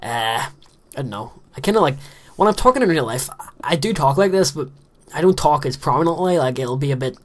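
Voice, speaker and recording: A man's voice: a little high, animated, a little fast. Chatty teenage man rambling over gameplay. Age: late teens. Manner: rambling, chatty, self-deprecating. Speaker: gaming commentator. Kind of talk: casual gameplay commentary. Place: small closet room with a fan.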